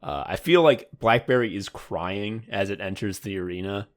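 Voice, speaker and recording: A man's voice: lowish voice, normal speed. A man co-hosting a comedy podcast, rambling in a mock sports announcer manner. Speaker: podcast co-host.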